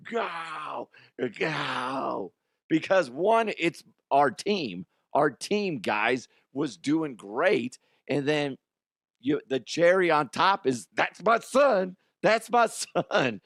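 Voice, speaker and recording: Excitable man telling a story, dry mic. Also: mid-range voice, no room sound. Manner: excitable, swings from loud shouts to quiet asides. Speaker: radio show host. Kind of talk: animated storytelling chat.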